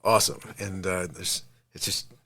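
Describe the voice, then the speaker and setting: A man hosting a podcast interview, friendly and quick with affirmations. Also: low-pitched, steady tone, bright, forceful tone. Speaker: podcast host.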